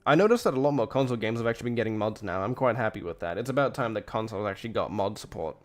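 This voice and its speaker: A man's voice: on the low side, lively intonation, racing. A tired man streaming and reacting to a clip, rambling and blunt in casual commentary, cursing freely.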